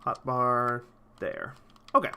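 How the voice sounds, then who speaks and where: A man's voice: medium pitch, takes it slowly, creaky, pushed and bright, clear, resonant tone. A man streaming a video game, chatting casually with rambling, profane enthusiasm. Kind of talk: casual gameplay commentary.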